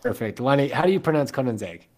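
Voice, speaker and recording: Male podcast host, mid-pitched, quick to tease his co-hosts in loose banter. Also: expressive, darkish tone. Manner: joking, teasing banter. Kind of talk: casual chat.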